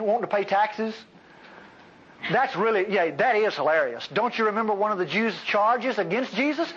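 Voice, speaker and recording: A man preaching a sermon in a high, husky voice. He is emphatic, with sudden loud bursts and then quiet, low asides. The recording sounds dull and lo-fi.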